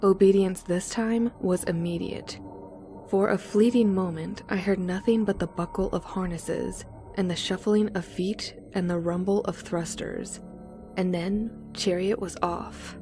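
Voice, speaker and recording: A woman narrating a horror story in the first person, slow and deliberate. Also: mid-range voice, fairly even intonation, warm tone, soft background music.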